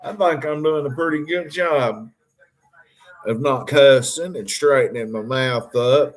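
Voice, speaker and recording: A man's voice: mid-range voice, a little slow. Rambling man talking to his chat. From Harlan County, Kentucky. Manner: rambling, addresses viewers directly, jokey. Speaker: livestream host. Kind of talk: rambling livestream talk to chat.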